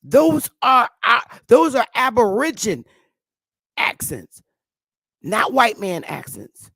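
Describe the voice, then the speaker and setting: A woman's voice: on the high side, sing-song, slow, gravelly, a bit bright, breathy edge, no room sound. A woman with a New York accent giving an emphatic, repetitive casual monologue with frequent swearing. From northern United States. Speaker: commentary host.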